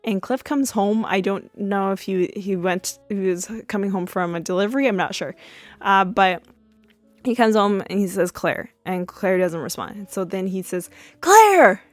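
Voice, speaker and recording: A woman hosting a podcast, recapping a TV episode in a chatty way with many fillers, and acting out the characters' yelled quotes. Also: mid-range voice, moderate pace, no room sound, faint music behind. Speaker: podcast host.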